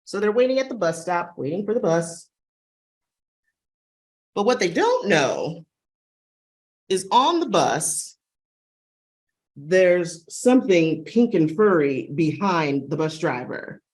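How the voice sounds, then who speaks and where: A woman's voice: fairly low pitch, very animated, slow pace, pauses often. A woman librarian giving a chatty, enthusiastic booktalk on a video call webinar. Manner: enthusiastic, chatty, acts out dog sounds.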